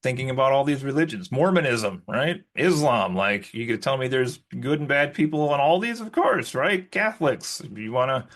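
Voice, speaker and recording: A man co-hosting a podcast in casual chat, rambling with lots of likes and restarts. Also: fairly bright tone. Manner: rises high when mimicking others. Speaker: podcast co-host.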